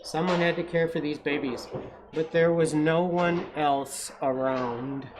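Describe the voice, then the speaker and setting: Storytime reader, playful, unhurried, medium-pitched, asides to kids. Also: steady tone, noisy background. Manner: playful, with asides to young listeners. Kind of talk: children's read-aloud.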